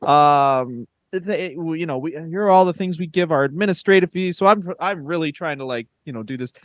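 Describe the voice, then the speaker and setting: A man's voice: on the high side, normal speed, no echo. A man co-hosting a podcast, telling a story in casual chat, swearing often and acting out the people in it. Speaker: podcast co-host.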